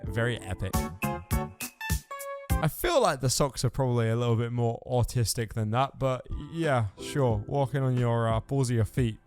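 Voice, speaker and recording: A man's voice: mid-range voice, moderate pace, over music. A man hosting a reaction commentary, sarcastic and mocking in tone. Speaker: commentary host.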